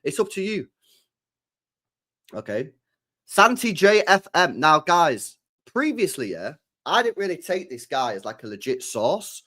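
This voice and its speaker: A man's voice: on the high side, sing-song, unhurried. Chatty slang-heavy young man. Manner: loose and chatty, slang-heavy, swings from loud bursts to mumbling. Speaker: football channel host. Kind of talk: casual live-stream chat.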